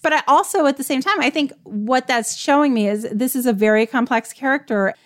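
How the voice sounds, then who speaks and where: A woman's voice: sits high, brisk. A woman co-hosting a casual discussion, reflective and chatty, leaning on lots of filler words. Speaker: podcast co-host.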